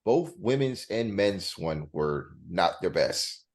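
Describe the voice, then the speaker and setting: A man who is a guest on a wrestling podcast, chatting in a relaxed, hesitant way with many fillers. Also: sits low, slow pace. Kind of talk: casual wrestling chat.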